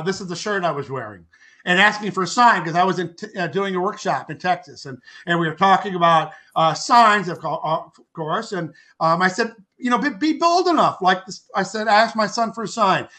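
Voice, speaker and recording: An older man with a high voice tells a long personal story as a podcast guest. His tone is bright and forceful. He rambles, repeats words and acts out what people said. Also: moderate pace. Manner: acts out quoted speech with lively voices. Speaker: podcast guest, author and artist.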